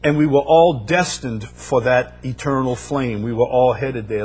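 A man preaches a sermon in a mid-pitched voice. He drives his points home with repeated phrases that swell into louder bursts. Faint instrumental music plays softly behind him. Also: takes it slowly, husky. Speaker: pastor.

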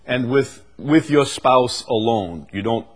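Male preacher, husky, unhurried sermon delivery, leans hard on key words. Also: medium pitch, animated. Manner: slow, drawn-out delivery with bursts of emphasis. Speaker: pastor.

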